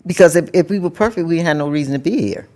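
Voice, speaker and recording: A woman's voice: low-pitched, fast talker, warm tone. An older woman speaking as a guest in casual conversation, plainspoken and folksy, giving firm advice. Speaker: guest, host's mother.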